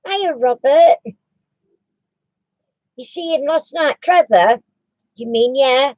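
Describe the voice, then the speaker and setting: A woman's voice: sits high, takes it slowly, darkish tone, no room sound, poor audio. A woman, chatting casually on a crafting live stream, rambling with many restarts. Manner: coos baby talk to her dog.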